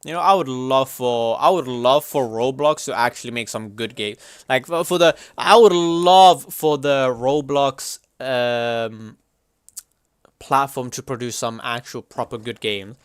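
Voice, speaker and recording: A young man livestreaming, chatting casually and reacting to chat in a slangy, animated way. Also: mid-range voice, unhurried, clear, resonant tone, no room sound, clean studio sound.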